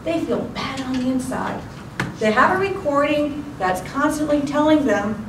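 Woman in her 40s giving a contest speech, high voice, real dramatic, far off in an echoey room. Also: expressive, normal speed, background noise. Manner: theatrical, emphatic delivery. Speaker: contest speaker. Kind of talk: motivational speech. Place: club meeting room. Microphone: far room mic.

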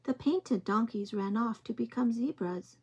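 A woman reading picture books aloud to young children in a slow, gentle, expressive way. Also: a little high, gravelly, husky. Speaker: early-years storytime reader.

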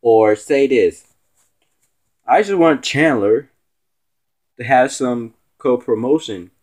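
Lively slow-talking young man ranting. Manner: rambling and teasing, with swooping pitch. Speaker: stand-in show host. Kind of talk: casual rambling vlog rant.

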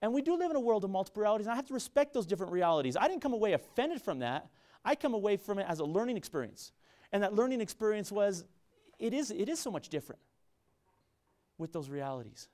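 A man's voice: sits high, big pitch swings, fast, a little mellow. A middle-aged man with a San Luis Valley Colorado accent, giving an earnest public lecture to students, often repeating himself and restarting phrases. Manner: earnest, repetitive, frequent restarts. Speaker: university business professor.

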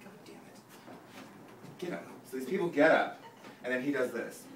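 A man's voice: medium pitch, fairly quick, a little hiss or hum. A man in his thirties doing a stand-up comedy set, ranting in an exasperated, profane way. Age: 30s. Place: comedy club stage before a live audience. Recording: echoey room, distant mic, loud audience laughter.

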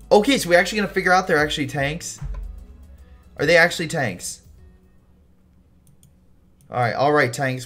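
A man's voice: a little high, animated, moderate pace, long pauses, a bit bright, soft background music. Exasperated man playing a game. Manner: exasperated, blurting reactions. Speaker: gaming YouTuber. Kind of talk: let's-play commentary, reading game text aloud.

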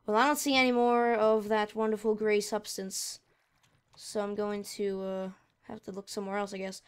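With a mid-range, resonant voice and a flat delivery at normal speed, a woman comments casually while playing a video game. The audio is clear. She rambles, talks to herself, and gets easily frustrated by lag.

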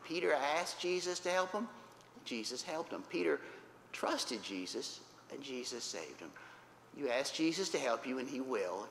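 A man's voice: mid-range voice, fairly bright tone. A man teaching a Bible lesson to children, telling the story with animation, repeating points simply and checking in with "right?" and "okay?". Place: church hall. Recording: roomy reverberant hall, faint background noise.

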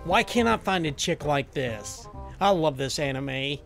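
A smug, whiny young know-it-all, put on by a man narrating a story. He speaks in a hushed, slightly raised voice, boastful and dismissive. Faint music plays underneath. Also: a little high, expressive, a little slow, vocal fry, heavily acted.

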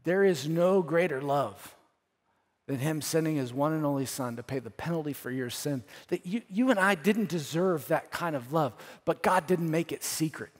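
A man preaching a sermon as pastor, earnest, repeating phrases, rising to emphatic peaks and dropping to soft, quiet lines. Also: a little high, animated, normal speed. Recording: church hall with long reverb.

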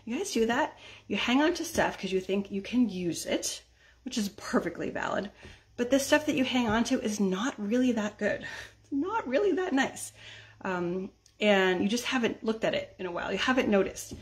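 A woman's voice: on the high side, expressive, normal speed. A middle-aged woman vlogging in a casual chat, often checking in with her viewers and laughing between lines. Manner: chatty, keeps checking in with "right?" and "okay?". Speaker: decluttering vlogger.

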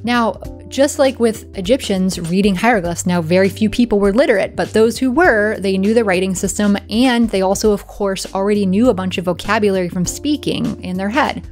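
A woman hosting an educational video, explaining patiently and clearly and often checking in with the viewer. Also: medium pitch, fairly quick, hardly any pauses, a little mellow, soft background music.

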